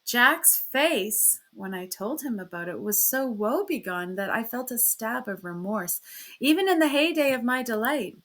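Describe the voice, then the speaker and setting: A woman reading a classic story aloud in the first person, with expressive shifts in pitch and loudness. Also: unhurried. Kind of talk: storybook read-aloud narration.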